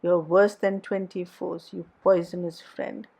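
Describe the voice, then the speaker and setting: A woman's voice: lowish voice, fairly even intonation, measured pace, gravelly, dark tone. A woman reading aloud, voicing a petulant, infatuated young woman who pleads in an aggrieved tone.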